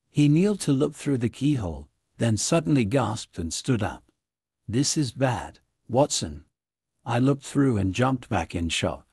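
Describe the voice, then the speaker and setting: A man reading a classic story aloud as scripted narration for English learners, in a clear, even way. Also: medium pitch, no room sound, clean studio sound.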